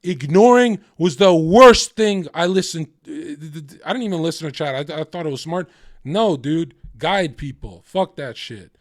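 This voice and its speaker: Male streamer, heated profane rant, slightly high voice, dry close sound. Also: expressive, normal speed, no echo. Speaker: livestreamer. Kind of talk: casual livestream rant.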